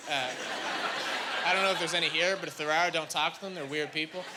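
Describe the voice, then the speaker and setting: A young man performing a stand-up set, telling a story with animated, high-jumping quoted voices. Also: quick pace. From Canada. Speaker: stand-up comedian. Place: comedy club stage. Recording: live club recording, audible room noise.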